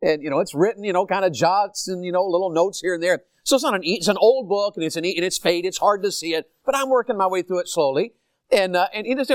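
Animated older Southern pastor preaching. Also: male voice, high-pitched, fast, dry recording, clean studio sound. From Tennessee. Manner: animated, asks the congregation questions. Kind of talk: sermon.

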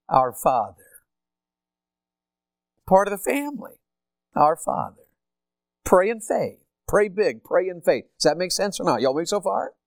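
A man's voice: high-pitched, gravelly, no echo, clean studio sound. An older man with a Southern accent from Tennessee, preaching a sermon and asking his congregation questions. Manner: animated, asks the congregation questions. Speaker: pastor.

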